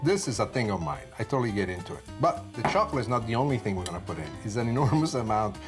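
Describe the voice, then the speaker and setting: Animated older Italian chef, music behind. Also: male voice, on the low side, rapid-fire. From Sicily, Italy. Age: 60s. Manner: animated, expressive storytelling with Italian exclamations. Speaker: TV chef host. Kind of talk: cooking show demonstration.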